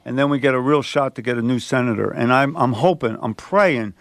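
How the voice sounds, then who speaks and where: A man's voice: mid-range voice, brisk, creaky, no echo. A man from Philadelphia co-hosting a casual political talk show, joking and needling.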